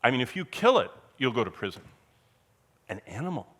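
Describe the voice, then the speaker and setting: A man giving a Bible teaching in sermon style, asking rhetorical questions and swinging between loud bursts and quiet asides. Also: mid-range voice, sing-song, fairly quick.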